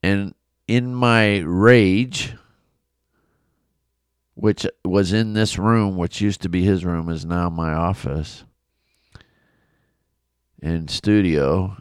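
A middle-aged pastor with a big coach's voice shares a personal story on a devotional podcast from his home office studio, earnest, confessional, and full of restarts. His deep, smooth voice holds a steady tone, drawing out words with long pauses, and there's no echo.

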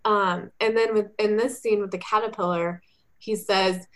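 A woman's voice: medium pitch, steady tone, moderate pace, a bit bright. A woman in casual chat as a podcast co-host, talking in a chatty way with many fillers.

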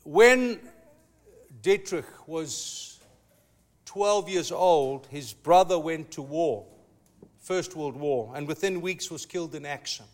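A pastor preaching a sermon, telling a story with emphatic, slow dramatic pauses. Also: male voice, on the high side, lively intonation.

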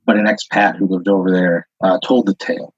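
A man with a low, husky voice spins an improvised second-person story, rambling along with plenty of "like" and "uh" fillers. The sound is dull and lo-fi, as from a basic podcast setup. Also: little pitch movement, brisk, no room sound. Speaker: podcast host. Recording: dull lo-fi audio.

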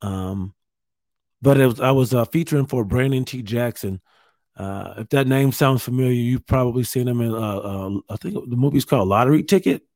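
A stand-up comedian from Ohio telling a candid story to camera from a hotel room, pausing often and restarting his sentences. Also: mid-range voice, a little mellow, no echo, clean studio sound. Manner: halting, many fillers and restarts, candid.

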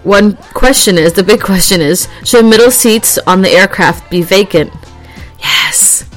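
A woman's voice: mid-range voice, moderate pace. Woman, casual vlog chat, rambling, laughs easily, faint music behind. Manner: chatty, rambling, laughs easily, animated when acting out scenes. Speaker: vlogger.

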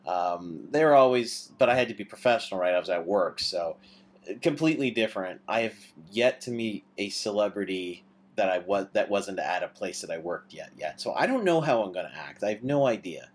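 Low-pitched male podcast host, rambling and hesitant. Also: animated, fairly quick. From Canada. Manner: rambling, hesitant, many restarts. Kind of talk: casual chat.

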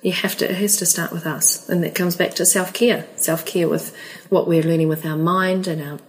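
A woman with a New Zealand accent speaks as a podcast guest. Her voice sits a little low, and she talks in a calm, soothing, earnest way. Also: moderate pace, poor audio. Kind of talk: casual chat.

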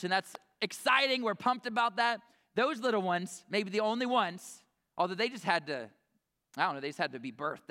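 A pastor preaches in a relaxed, chatty way, often stopping to restart a thought or to act out a quote. His voice sits high for a man and rings with a bright, forceful edge. The sound carries a long reverb from a big sanctuary. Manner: conversational, self-interrupting preaching with quoted asides. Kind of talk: sermon. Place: church sanctuary.

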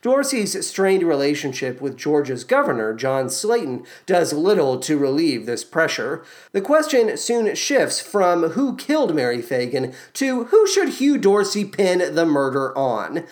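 A man hosting a podcast, reading a scripted musical theatre recap in a playful way with quick asides. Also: a little high, very animated. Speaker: podcast host.

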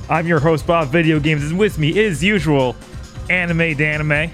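A man's voice: on the high side, a little slow, faint music behind. A man hosting a podcast, chatting casually and laughing often. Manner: laughs often, lively and joking. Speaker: podcast host.

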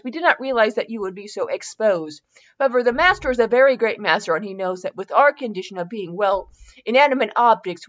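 A woman's voice: a little high, lo-fi sound, lightly acted. A woman voicing a fussy, formal male candlestick butler who keeps apologizing politely. She reads him in a comedy podcast.

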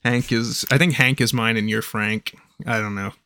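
Gravelly-voiced man hosting a podcast. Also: mid-range voice, fairly even intonation, moderate pace, bright, forceful tone, no room sound, clean studio sound. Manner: jokey, laughing, recounting bits. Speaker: podcast co-host. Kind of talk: casual chat.

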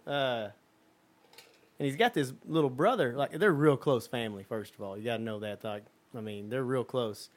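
A man's voice: medium pitch, normal speed. A man co-hosting a podcast, telling rambling stories in casual chat with lots of fillers and acted-out voices. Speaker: podcast co-host.

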